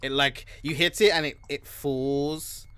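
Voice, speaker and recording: A young man running a tabletop game as game master, narrating slowly with many ums and pauses. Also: on the high side, steady tone, bright, forceful tone, smooth, no room sound. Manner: slow, halting narration full of ums and uhs.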